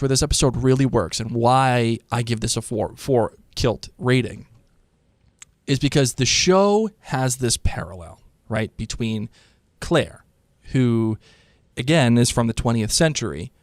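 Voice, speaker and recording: A man co-hosting a casual podcast chat about a TV episode, talking in an animated way and slipping into quick character voices. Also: medium pitch, dry recording, clean studio sound. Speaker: podcast co-host.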